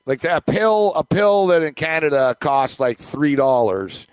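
Man from the US, podcast host, ranting and joking, slightly high voice, dry close mic. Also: animated, unhurried, smooth, no echo. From United States. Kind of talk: casual podcast banter.

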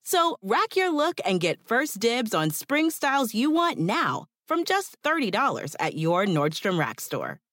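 Woman, ad voice-over, high lively pitch, bubbly upbeat sales read. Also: unhurried, few pauses, dry recording, studio quality. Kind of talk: scripted commercial narration.

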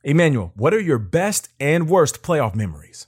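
Man, interviewer, prepared questions, higher voice, lively lilt. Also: moderate pace, breathy edge.

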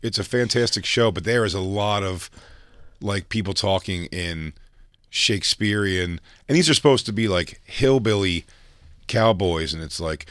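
Low-voiced man telling crude stories. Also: normal speed, a bit bright, no room sound, clean studio sound. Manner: rambling storyteller, crude jokes. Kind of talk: casual comedy podcast banter.

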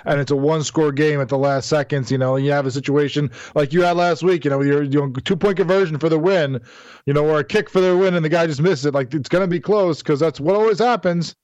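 A man's voice: a little high, darkish tone, no echo, muffled recording. A man co-hosting a sports talk show, chatting casually and leaning on "like" and "you know". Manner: quick, conversational, says "like" and "you know" a lot. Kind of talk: casual sports radio chat.

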